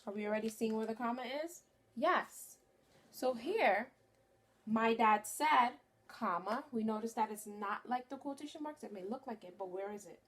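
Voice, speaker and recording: A woman teaching a phonics lesson to young children, speaking clearly and encouragingly. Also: fairly high pitch, expressive. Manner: slow, clear and encouraging, stretches key words.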